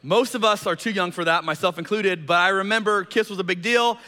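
A man's voice: sits high, fairly quick, bright, forceful tone. A man preaching a sermon, telling a personal story and acting out the quoted voices. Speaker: pastor. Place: church hall. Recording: long hall reverb.

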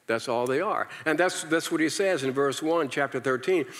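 A man's voice: on the high side, normal speed. Male pastor giving a sermon, gets the crowd to repeat after him, lots of restarts, big echo from the church hall. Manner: animated, engages the congregation with call-and-response; repeats words and restarts often. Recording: long hall reverb.

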